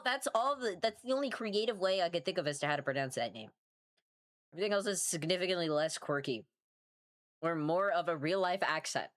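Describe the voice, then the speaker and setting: As she draws on stream, this woman talks in a mid-range voice with a bit of brightness. Her casual chatter wanders, mocks herself, includes open swearing and carries a tired tone.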